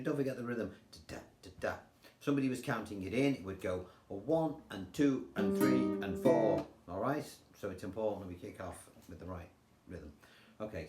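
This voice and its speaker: An older man with an English accent, teaching guitar in a chatty, relaxed way and counting rhythms aloud. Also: on the low side. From England. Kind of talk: casual guitar tutorial. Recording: roomy sound with guitar playing.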